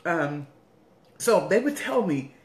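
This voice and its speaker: A woman's voice: on the low side, sing-song, slow pace. A woman bishop giving an earnest personal testimony, repeating phrases for emphasis. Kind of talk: personal testimony in a weekly online message. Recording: roomy echo.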